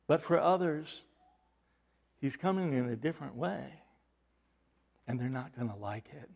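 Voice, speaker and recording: Slow-paced preaching man. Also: vocal fry. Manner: swings from loud emphatic questions to hushed low delivery; repeats words and restarts, rhetorical questions. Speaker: pastor. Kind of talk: sermon.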